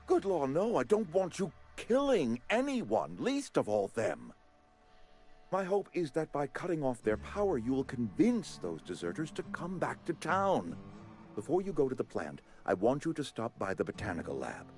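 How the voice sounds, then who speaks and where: Give me a pompous, ornately formal corporate administrator in a game, with a lively voice. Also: male voice, mid-range voice, moderate pace, soft background music. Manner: formal, ornate, smoothly persuasive. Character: pompous male company town administrator. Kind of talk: video game voice acting.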